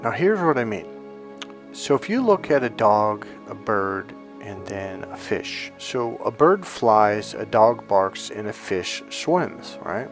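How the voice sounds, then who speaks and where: A man's voice: lowish voice, sing-song, slow, soft background music. A man coaching in a casual motivational monologue, rambling with many restarts and repeated words. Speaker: life coach.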